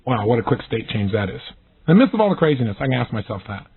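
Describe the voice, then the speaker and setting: A man giving an energetic recorded self-help lesson, acting out the questions he describes in lively voices. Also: mid-range voice, fast, husky. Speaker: motivational speaker. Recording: tinny phone-like audio.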